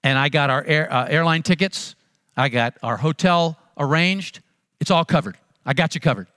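A man voicing an excited male buddy who has big-game tickets, speaking in an animated, incredulous way. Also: fairly high pitch, moderate pace, dry recording, clean studio sound, long reverb tail, voice pushed down. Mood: boastful.

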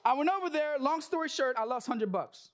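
A man's voice: very high voice, lively intonation, a little fast. Young male preacher, earnest and joking, sermon built around a personal story. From Korean American. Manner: earnest, casual storytelling with jokes. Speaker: church speaker.

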